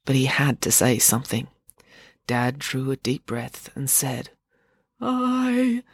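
A podcast host reading a children's book aloud in a lively, chatty way and talking directly to young listeners. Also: medium pitch, measured pace, slightly rough, dry recording, studio quality. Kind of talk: storybook narration.

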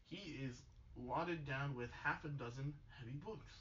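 A young man reading stage directions aloud at a casual play read-through in a plain, steady way. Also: mid-range voice, unhurried, slight background noise. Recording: dull lo-fi audio.

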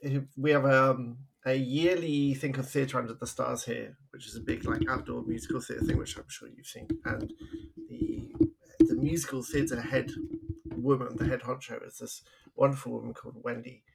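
Guy co-hosting a podcast, a bit gravelly, rambling chatty stories, laughing along. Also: medium pitch, little pitch movement, moderate pace, background noise. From England. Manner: chatty storytelling, laughing often. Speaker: podcast co-host. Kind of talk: casual podcast chat.

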